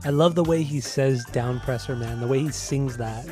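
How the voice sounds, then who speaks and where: A man co-hosting a music podcast in casual chat, relaxed and enthusiastic as he talks through the music. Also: mid-range voice, moderate pace. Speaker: podcast co-host.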